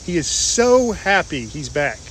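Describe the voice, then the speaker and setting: A man's voice: on the high side, big pitch swings, measured pace, a bit bright, a little hiss or hum. A man giving an informal Bible talk, retelling a parable in a conversational way with restarts and fillers. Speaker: Bible teacher.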